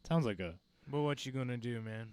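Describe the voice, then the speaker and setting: A man's voice: medium pitch, brisk, darkish tone, clear, resonant tone, no room sound. A man co-hosting a comedy podcast, upbeat and slangy, joking around in casual chat. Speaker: podcast co-host.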